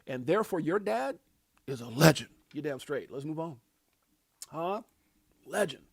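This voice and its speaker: High-pitched guy hyping his livestream viewers, dry close sound, keeps shouting people out. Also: lively intonation, unhurried, gravelly, husky, dry recording. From United States. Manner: hyped, preachy, shouting out viewers. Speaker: livestream host. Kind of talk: casual livestream chat.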